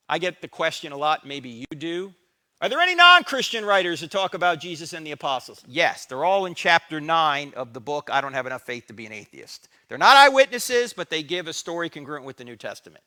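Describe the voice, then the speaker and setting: A man's voice: fairly high pitch, big pitch swings, brisk, sharp tone. A middle-aged man giving a talk in a church, dramatic and sarcastic, acting out bits of dialogue. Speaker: guest speaker. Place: church sanctuary.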